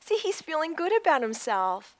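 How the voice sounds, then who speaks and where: Animated woman reading to children. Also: sits high, normal speed, no echo. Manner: animated, with teaching asides. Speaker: children's story-time reader. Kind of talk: reading a picture book aloud to children.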